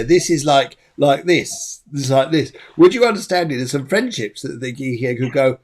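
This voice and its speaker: A man hosting as a medium, soft and reassuring as he gives a psychic reading. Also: fairly high pitch, expressive, moderate pace. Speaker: medium, host.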